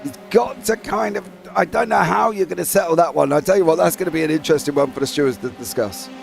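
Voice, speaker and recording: A man's voice: fairly high pitch, fast, vocal fry, faint music behind. A man giving casual, rambling color commentary on an online sim race.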